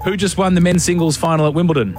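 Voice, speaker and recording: Wry higher-voiced radio host. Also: male voice, fairly even intonation, quick pace, darkish tone, soft background music. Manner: dry, exasperated ribbing. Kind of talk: breakfast radio banter and quiz. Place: radio studio.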